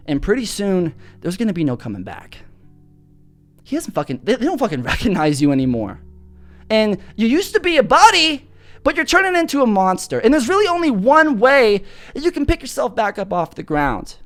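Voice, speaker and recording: A man's voice: high-pitched, wildly swooping pitch, normal speed, fairly bright tone, soft background music. Hyped, rambling young man from Florida. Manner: profane, hyped, goofy bits with bro slang. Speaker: podcast host. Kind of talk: rambling comedic monologue.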